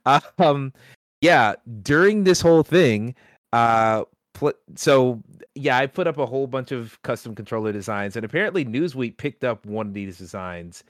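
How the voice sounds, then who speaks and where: A man hosting a casual gaming podcast, talking excitedly and often breaking into laughter. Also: mid-range voice, normal speed, no echo, clean studio sound. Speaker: podcast host. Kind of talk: casual chat.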